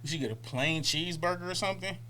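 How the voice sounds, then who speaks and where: A man co-hosting a podcast in casual chat, animated and joking, often acting out other people's voices. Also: on the high side, fast talker, a loud crowd. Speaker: podcast co-host.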